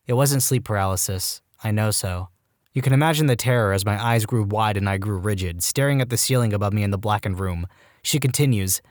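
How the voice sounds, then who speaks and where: A man reading reddit stories aloud with animated delivery and wry asides. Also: fairly low pitch, fairly quick, no room sound, clean studio sound. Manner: animated, jumps into quoted voices with wry asides. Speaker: storytime narrator.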